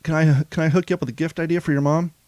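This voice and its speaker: A man's voice: on the high side, fairly even intonation, rapid-fire, darkish tone, dry recording, studio quality. A man co-hosting a podcast, talking casually and rambling with frequent restarts. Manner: rambling, self-interrupting. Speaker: podcast co-host.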